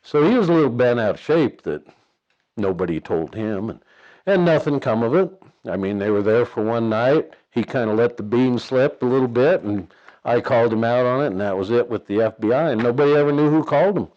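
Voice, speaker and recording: A man's voice: medium pitch, expressive, fairly quick, lo-fi sound. A man who works on a buffalo ranch, telling his own story in a plain-spoken, folksy way and chuckling as he goes.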